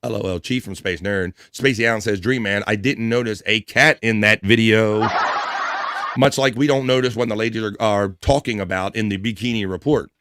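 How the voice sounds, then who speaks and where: A man's voice: fairly low pitch, steady tone, normal speed, a bit bright, clear, resonant tone, no room sound. A man hosting a casual livestream, reading viewer comments aloud with crude, jokey banter and frequent laughs. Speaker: livestream host.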